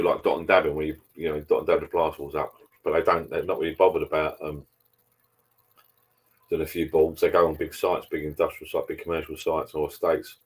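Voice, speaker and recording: A middle-aged man in a loose, rambling live-stream chat, stopping now and then to read out viewer comments. His voice sits very low and comes across husky and a little rough. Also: a little mellow.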